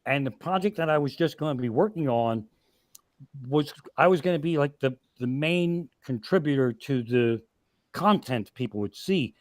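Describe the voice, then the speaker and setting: A man's voice: fairly high pitch, animated, moderate pace, no room sound. A man, a stand-up comedian, telling stories on a podcast with heavy swearing and exasperated rants. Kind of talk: profane comic storytelling. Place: podcast studio.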